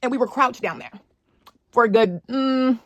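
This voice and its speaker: A young woman casually telling a wild personal story to her viewers, animated and slangy. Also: a little high, normal speed, dry recording. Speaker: storyteller vlogger.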